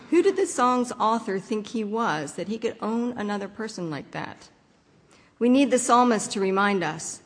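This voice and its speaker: A woman's voice: medium pitch, lively intonation, moderate pace, a bit bright, big-room sound. Reflective woman preaching. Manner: reflective, rhetorical questions. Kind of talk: sermon.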